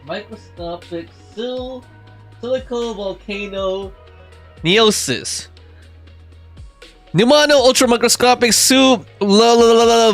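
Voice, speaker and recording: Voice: mid-range voice, fairly bright tone. A streamer chatting casually during a gameplay stream, rambling and giggling with lots of fillers. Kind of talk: casual live-stream chat.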